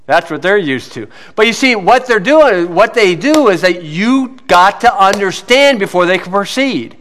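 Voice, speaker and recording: Man, high bright voice, folksy storytelling preacher, says "you see" a lot, reverberant hall. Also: very animated, normal speed, slight background noise. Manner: drops to a low mutter when telling stories. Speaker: preacher teaching on scripture and law. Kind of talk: folksy teaching sermon.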